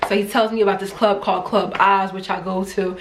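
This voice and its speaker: A middle-aged American woman from New Jersey talks casually to her camera. She is chatty and animated and keeps slipping into the voices of people from her stories. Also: medium pitch, fairly quick, background noise. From United States, New Jersey. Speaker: travel vlogger.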